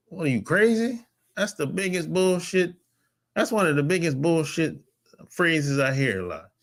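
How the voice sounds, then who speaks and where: A man holds forth on his podcast in a casual monologue. He talks bluntly and emphatically, with a lot of swearing. His voice sits a little high and swings widely in pitch. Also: a bit bright. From North America. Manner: blunt, profane and emphatic, with sudden pitch jumps. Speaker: podcast host.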